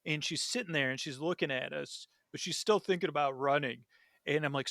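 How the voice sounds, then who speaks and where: Guy rambling thru a dream story on a podcast, kinda high voice, dry close sound. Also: brisk, creaky, no room sound. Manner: rambling, animated storytelling with many fillers. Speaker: podcast guest. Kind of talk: casual chat.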